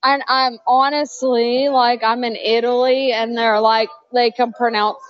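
A woman from North Carolina with a slow Southern drawl, chatting upbeat as a guest on an interview. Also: a little high, flat delivery, dull audio. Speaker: guest, cocktail social media creator. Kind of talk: casual interview chat.

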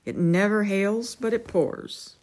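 Flustered elderly king, read aloud by a woman; fussy, blustering, louder and higher than her narration. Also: slow pace, natural voice. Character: flustered nervous old king.

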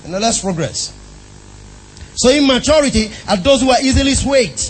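High-voiced preacher giving a sermon. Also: male voice, expressive, normal speed, slightly rough, low-quality recording. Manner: emphatic, asks the congregation questions.

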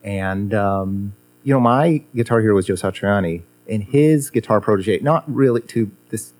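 A man's voice: on the low side, normal speed, darkish tone. A man, a former guitar teacher, reminiscing in casual conversation, rambling with many fillers and restarts.

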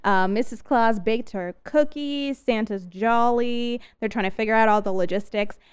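A woman's voice: on the high side, moderate pace, clear, resonant tone. A woman co-hosting a podcast, animatedly retelling a movie plot with laughs. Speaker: podcast co-host. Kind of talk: casual movie recap chat.

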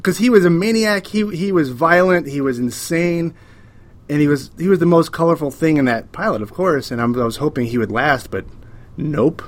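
Animated man sharing opinions casually. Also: on the high side, normal speed. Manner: animated, opinionated, repeats words as he builds a point. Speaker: podcast co-host. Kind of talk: casual chat about a TV show.

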